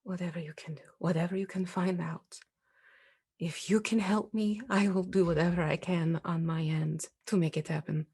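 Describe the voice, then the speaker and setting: Spectral young woman, trapped, wistful, husky, soft at times, played by a woman. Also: on the low side, little pitch movement, normal speed, hardly any pauses, voice pushed down. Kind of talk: in-character tabletop role-play.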